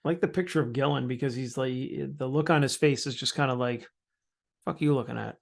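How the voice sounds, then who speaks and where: A man's voice: medium pitch, fast. A man co-hosting a podcast in laid-back, joking casual chat. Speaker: podcast co-host.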